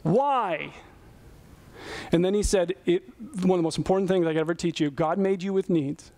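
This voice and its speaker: High-voiced male pastor preaching. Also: darkish tone, dry recording. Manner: earnest, conversational preaching with rhetorical questions. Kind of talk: sermon.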